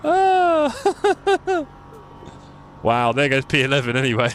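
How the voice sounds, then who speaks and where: A man's voice: fairly high pitch, wildly swooping pitch, takes it slowly, faint music behind. A young man live-streaming sim racing, chatty and self-mocking, calling the race as he drives.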